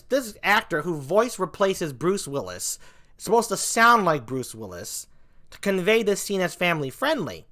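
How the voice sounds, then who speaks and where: A man's voice: high voice, fairly bright tone. A man doing comedic commentary as a vlogger, ranting with mock outrage.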